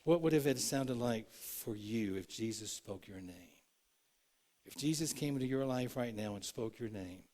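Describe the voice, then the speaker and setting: A man preaching a sermon in a church, earnest, moving between loud and hushed, acting out the quotes he tells. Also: mid-range voice, expressive, moderate pace. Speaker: pastor. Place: church sanctuary.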